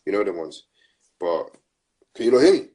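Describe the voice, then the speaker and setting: A man's voice: low voice, big pitch swings, normal speed, crowd noise. A young man co-hosting a podcast, making his points emphatically in slangy casual chat. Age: young adult. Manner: emphatic, preachy street slang. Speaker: podcast co-host.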